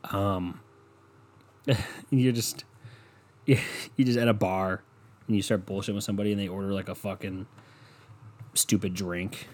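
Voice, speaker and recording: A man's voice: fairly low pitch, steady tone, measured pace, long pauses, a little mellow. A young man hosting a casual solo podcast, ranting with lots of swearing, mocking people and laughing at his own jokes. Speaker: podcast host.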